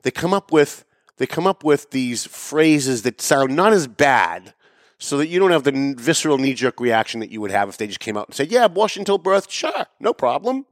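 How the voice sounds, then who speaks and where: A man's voice: lively intonation, normal speed, dry recording, clean studio sound. Sarcastic man hosting a political commentary show. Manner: sarcastic and emphatic, with mocking asides; swings between loud raised emphasis and low muttering. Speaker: show host. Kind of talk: opinionated political commentary monologue.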